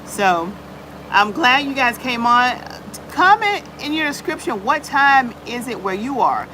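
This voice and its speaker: A woman's voice: fairly high pitch, big pitch swings, measured pace, sharp tone, a little hiss or hum, poor audio. A woman hosting a casual live chat on her channel, greeting viewers by name and peppering her talk with "y'all". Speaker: livestream host.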